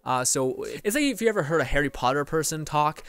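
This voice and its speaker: A streamer speaks to viewers in a fairly high, animated, quick voice that is smooth and fairly bright, with faint music behind him. He rambles casually, swears as he heats up, and frequently imitates what others said.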